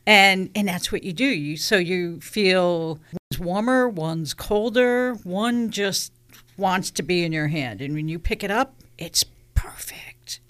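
A woman's voice: fairly low pitch, unhurried, fairly bright tone. A woman guest who runs a crystal shop, talking in an easygoing way and explaining with anecdotes. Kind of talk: casual interview talk.

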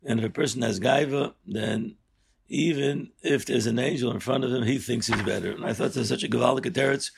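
Older man, rabbi teaching a Torah lesson, gravelly, husky, earnest, sharp emphatic rises. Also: steady tone, brisk. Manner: earnest, rising sharply in pitch and volume for emphasis.

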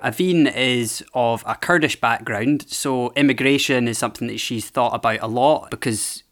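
A man co-hosts a podcast, setting up clips and tying the conversation's themes together in a measured, conversational way. His voice sits at an ordinary middle pitch. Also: a bit bright. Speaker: podcast co-host. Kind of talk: podcast narration and chat.

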